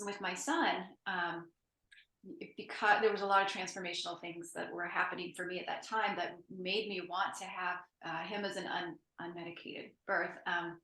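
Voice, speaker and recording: A woman's voice: on the low side, pushed and bright. A woman hosting an interview, telling a personal story in a chatty way and laughing as she speaks. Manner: chatty storyteller, laughs through her words. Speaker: podcast host and author. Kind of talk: conversational interview. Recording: roomy echo.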